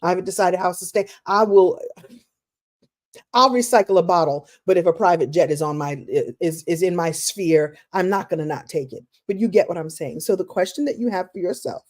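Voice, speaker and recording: Brief: woman motivational speaker, warm mellow tone, chatty and animated, restarts and laughs. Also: fairly low pitch, normal speed. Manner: animated, playful, breaks into exclamations and acted quotes. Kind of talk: live-streamed motivational talk.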